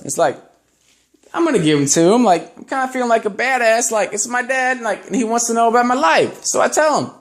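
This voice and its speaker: A young man doing a stand-up set, telling crude stories in a rambling, profane way. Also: very high voice. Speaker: stand-up comedian.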